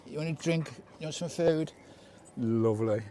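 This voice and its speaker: A man's voice: fairly high pitch, normal speed, warm tone, slight background noise. A British man vlogging casually from his camper van at a campsite, chatty and doting as he talks to his dog. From United Kingdom. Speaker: vanlife vlogger. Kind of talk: casual vlog chat.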